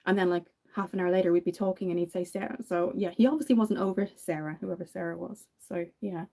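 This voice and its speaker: A woman's voice: fairly low pitch, steady tone, quick pace, vocal fry, dark tone. An Irish woman in her thirties chatting casually while doing her makeup, telling stories and laughing often. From Ireland. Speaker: makeup vlogger.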